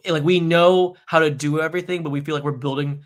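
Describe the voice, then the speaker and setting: A man's voice: on the high side, steady tone, fast talker. A man who is a guest on a podcast, speaking casually with many "like" and "you know" fillers. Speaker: agency owner, guest. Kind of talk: conversational interview.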